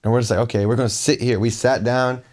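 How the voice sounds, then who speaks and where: A man's voice: medium pitch, quick pace. Young man telling a trip story, acting out quotes. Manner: animated, acts out quotes, many "like"s. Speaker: guest, long-distance skateboarder. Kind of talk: casual storytelling. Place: small reverberant room. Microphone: lapel mic. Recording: small echoey room with background noise.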